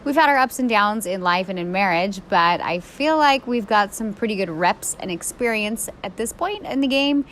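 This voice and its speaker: A woman in her thirties co-hosting a podcast, telling a story in a chatty, animated way full of "like". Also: medium pitch, moderate pace, hardly any pauses, a little hiss or hum. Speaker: podcast co-host. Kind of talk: casual storytelling chat.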